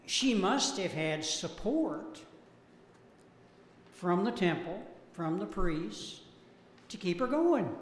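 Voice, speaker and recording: Man teaching a church Bible class, slightly higher voice, unhurried, echoey hall, faint room noise. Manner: slow, deliberate, cites verses. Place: church auditorium.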